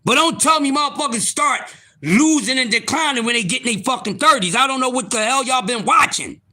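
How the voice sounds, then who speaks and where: A man in his fifties hosts a live stream and rants at his viewers, loud, profane and incredulous. His voice sits very high and sounds sharp and bright, and it swings widely in pitch. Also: lively intonation, brisk. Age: 50s. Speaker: livestream host.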